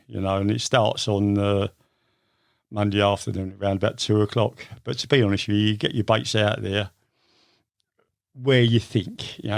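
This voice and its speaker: An older man from England tells his story in a loose, rambling way, leaning on lots of fillers. His voice sits a little low and has a gravelly edge. The sound is dry and close. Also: dry recording. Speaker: guest. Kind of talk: casual storytelling interview.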